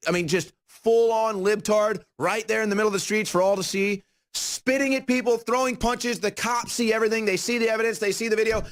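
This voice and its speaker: A man's voice: high-pitched, a bit bright. A man hosting a commentary show, talking in a sarcastic, mocking way. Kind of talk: opinion commentary monologue.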